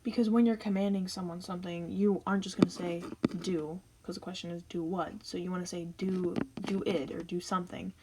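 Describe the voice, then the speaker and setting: A woman's voice: on the low side, fairly even intonation, brisk, hardly any pauses, heavy background noise. A young woman teaching Spanish grammar in a casual, chatty explainer style, walking through each step.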